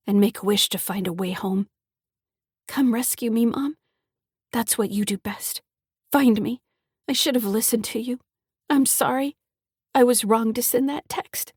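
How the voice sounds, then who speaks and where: A frightened teenage girl tells her own story in a shaky, pleading voice, as a woman reads the audiobook. Her pitch sits in the middle and the sound is dry and close to the mic. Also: steady tone, measured pace, long pauses, darkish tone, slightly rough, no room sound. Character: frightened teenage granddaughter, first-person narrator. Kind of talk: audiobook narration.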